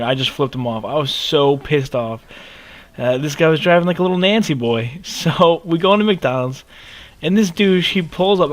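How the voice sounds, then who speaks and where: Young man, twenties, fairly high voice, casual gaming vlog, animated, profane, emphatic. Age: 20s. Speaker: gaming video creator. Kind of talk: casual storytelling over gameplay.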